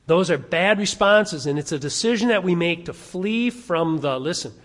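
A man's voice: high-pitched, animated, normal speed, fairly bright tone. A man preaching a sermon as pastor, speaking emphatically and stacking rhetorical questions. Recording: long reverb of a large hall.

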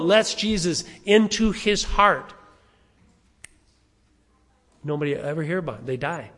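A man's voice: high voice, unhurried, long pauses, a bit bright. An older man, a pastor preaching a sermon in a conversational way, asking the congregation questions. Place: church sanctuary. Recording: long reverb of a church hall.

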